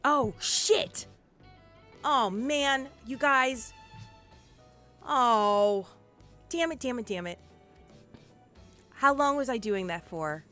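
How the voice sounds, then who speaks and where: A young woman who lived in Puerto Rico, telling rambling, profane stories on a casual game live stream and getting worked up and loud. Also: a little high, expressive, very slow, pauses often, soft background music.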